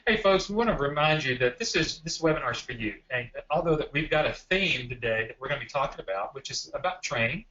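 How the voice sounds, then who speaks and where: A man's voice: mid-range voice, animated, fast talker, few pauses, pushed and bright. A man hosting a live webinar, speaking casually and addressing viewers directly. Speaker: webinar host. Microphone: video call. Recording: dull lo-fi video call audio.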